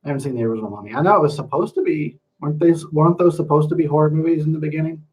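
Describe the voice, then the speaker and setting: A man hosts a casual livestream from home, answering chat with loose, profane talk, frequent laughter, and occasional rants. His slightly high voice is rapid-fire and darkish in tone, and the audio is poor.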